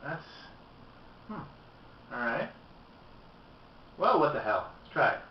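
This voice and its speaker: A man chatting candidly through a beer review, sitting back from a camera mic in an echoey room. The sound is dull and lo-fi, with a faint hum of room noise behind him. His voice sits at an ordinary middle pitch. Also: big pitch swings, takes it slowly. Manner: chatty and candid, tasting as he talks. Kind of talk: casual video review. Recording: roomy, distant, dull lo-fi camera audio.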